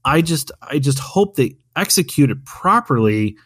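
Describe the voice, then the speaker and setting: A man's voice: on the high side, very animated, a little slow, fairly bright tone, no room sound. Rambling man in his thirties, dry sound. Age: 30s. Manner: rambling storyteller with many fillers and restarts. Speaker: podcast co-host. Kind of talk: casual chat.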